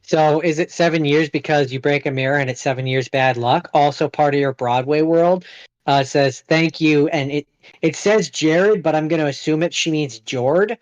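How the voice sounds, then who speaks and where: A man's voice: fairly high pitch, moderate pace, highs cut off. A man co-hosting a podcast in casual chat, hesitant and full of fillers. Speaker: podcast co-host.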